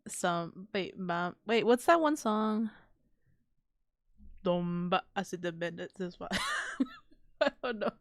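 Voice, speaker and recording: A woman's voice: medium pitch, wildly swooping pitch, takes it slowly, long pauses, no room sound, clean studio sound. A woman streamer chatting casually on a live stream, rambling, giggling often and swearing offhandedly. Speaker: VTuber streamer.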